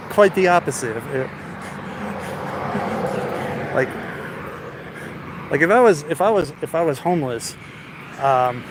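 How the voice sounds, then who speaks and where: A man vlogging on a phone as he walks down a city street, rambling through a story, stammering and often laughing. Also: mid-range voice. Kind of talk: rambling storytelling while walking. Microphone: phone held while walking. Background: street traffic noise.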